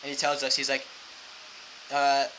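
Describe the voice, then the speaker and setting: A man's voice: medium pitch, unhurried, a little hiss or hum, rough recording. A young man, a missionary, casually telling a story full of fillers and acting out quotes. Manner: animated, fillers like "like" throughout, acts out quotes.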